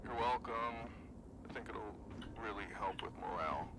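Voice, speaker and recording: A man's voice: on the low side, moderate pace, bright, forceful tone, a little hiss or hum, rough recording. An actor playing a laid-back male crewmate on a Mars base who mumbles and halts in a stoner-like drawl. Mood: mellow.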